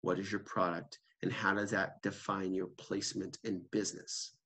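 A man's voice: deep voice, level tone, normal speed, fairly bright tone, breathy edge. A man giving a conversational seminar talk, telling stories with quoted voices and asking rhetorical questions. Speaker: seminar speaker.

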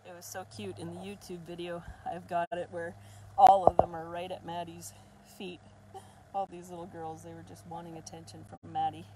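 A woman's voice: lowish voice, level tone, normal speed. Woman breeder cooing at puppies. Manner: sing-song baby talk to puppies, laughing often. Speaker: dog breeder. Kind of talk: casual vlog talking to puppies. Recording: noticeable background noise.

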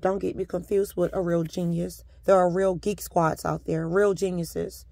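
A woman vlogger speaks to camera in a combative, profane monologue, keeping up a sarcastic politeness and repeatedly calling her listener "sir." Her voice is lowish, creaky and mellow, with little pitch movement and a moderate pace, and there's no room sound.

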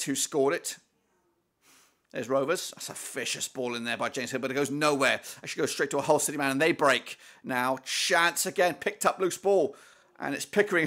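A man hosting a live football watchalong, commentating excitedly as a fan, with swearing, fillers and restarts. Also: a little high, creaky.

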